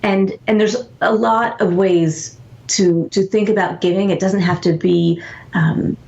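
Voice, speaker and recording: Woman author guest, gravelly voice, animated storyteller who acts out other voices, echoey dull recording. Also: mid-range voice, a little slow. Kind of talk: conversational interview storytelling.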